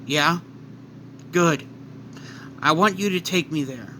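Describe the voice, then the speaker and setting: A resolute young wife, played by a man, firm and pleading. The pitch sits raised and the timbre is bright. A faint noise runs underneath. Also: slow. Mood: determined. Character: determined young wife, grieving but resolute.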